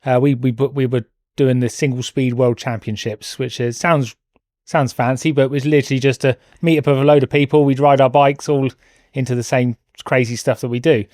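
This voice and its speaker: A man's voice: medium pitch, steady tone, fairly quick, darkish tone, no echo. A British man in casual conversation as a podcast guest, telling stories with self-deprecating, dry humor. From Britain. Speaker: guest, host's husband.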